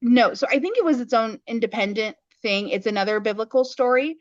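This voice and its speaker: A woman co-hosting a podcast in casual chat, recapping a story in detail with wry, deadpan asides. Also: fairly high pitch, fairly quick, dry recording. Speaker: podcast co-host. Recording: dull lo-fi podcast audio.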